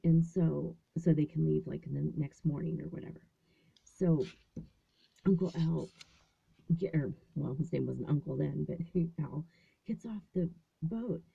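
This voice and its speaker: A woman vlogger in her fifties rambles through a story casually, with many fillers and restarts, sometimes whispering. Her low voice is gravelly, mellow, and husky, at a measured pace with frequent pauses. She's recorded in a small closet over a tinny, phone-like line.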